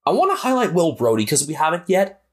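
A man's voice: fairly high pitch, sing-song, fast talker. An American man co-hosting a podcast, chatting casually and analytically about football. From United States. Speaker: podcast co-host. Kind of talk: casual sports chat.

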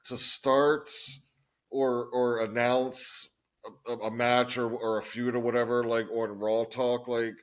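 A man co-hosting a wrestling podcast, talking casually in a halting, hesitant way. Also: medium pitch, level tone. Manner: hesitant, halting, many restarts and fillers. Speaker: podcast co-host.

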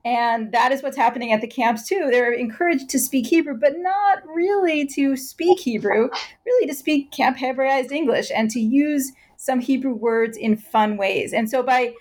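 A woman's voice: sits high, moderate pace, a little mellow. A woman speaking as an expert guest in an interview, explaining fluently and giving concrete examples.

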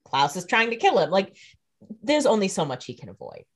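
A woman co-hosting a podcast in casual chat, chatty and quick to jump in with jokes and opinions. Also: mid-range voice, sing-song, slightly rough. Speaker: podcast co-host.

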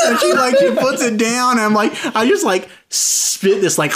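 A young man telling a comic anecdote in casual chat. He laughs often and jumps high in pitch when he acts out voices. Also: big pitch swings, normal speed, few pauses, over a noisy crowd.

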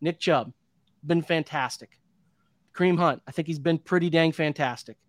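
A man's voice: on the high side, moderate pace, dry recording, clean studio sound. A man in his thirties hosting a postgame sports show, venting in an impassioned, repetitive rant. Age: 30s. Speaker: podcast host.

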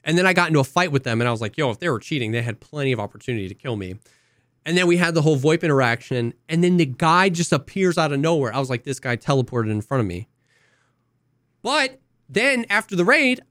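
Animated young man telling a gaming story. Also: fairly high pitch, fast, dry recording, studio quality. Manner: animated storyteller, acts out quotes, coughs now and then. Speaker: podcast co-host. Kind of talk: casual chat, storytelling.

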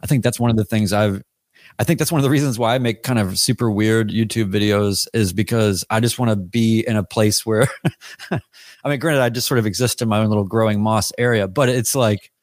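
A man's voice: fairly low pitch, a little fast, dry recording, clean studio sound. A man co-hosting a podcast, talking in a casual, rambling way with lots of restarts. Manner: rambling, with many restarts and fillers. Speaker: podcast co-host.

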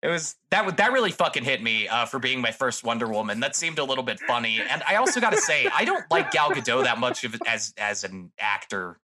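A man in casual podcast chat about a film, animated, joking and often swearing. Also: mid-range voice, a little fast, hardly any pauses, a crowd in the background.

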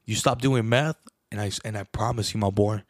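A young man casually telling a long story on a podcast, animated and profane, calling everyone bro. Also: fairly low pitch, fairly quick, no room sound, clean studio sound. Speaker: podcast co-host.

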